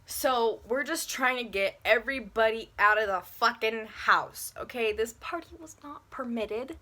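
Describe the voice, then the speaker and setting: A woman's voice: a little high, a little slow, few pauses, bright, forceful tone. A young woman telling a casual, profane storytime to her handheld camera in her bedroom. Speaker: vlogger. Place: bedroom at home.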